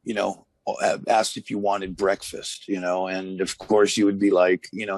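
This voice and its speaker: A man's voice: lowish voice, flat delivery, normal speed, dry recording. A man in his fifties, a former wrestler, telling rambling stories in a casual interview, full of fillers and restarts.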